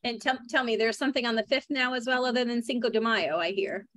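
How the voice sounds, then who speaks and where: A woman's voice: fairly high pitch, a bit bright. A woman co-hosting a casual video call, chatty and teasing. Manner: teasing, chatty, quick to laugh along. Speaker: co-host.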